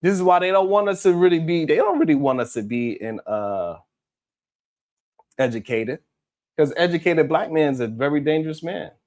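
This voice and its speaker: A man's voice: on the high side, expressive, quick pace, few pauses, darkish tone. A man hosting a live stream, talking casually and heatedly, swearing often and calling out chat viewers by name. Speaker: live stream host reading viewer comments.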